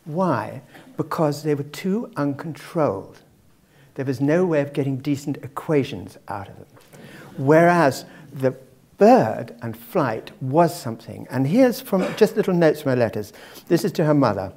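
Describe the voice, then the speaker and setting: A man's voice: a little high, lively intonation, a little slow, a little mellow. A man giving a public lecture to a live audience, discursive and dropping wry asides.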